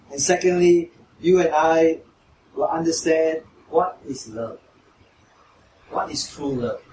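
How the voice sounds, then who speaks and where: A man's voice: on the high side, background noise. A man preaching a sermon who asks his listeners questions and raises his voice when he quotes mockers. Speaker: pastor. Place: church hall. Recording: echoey hall, mic from far off.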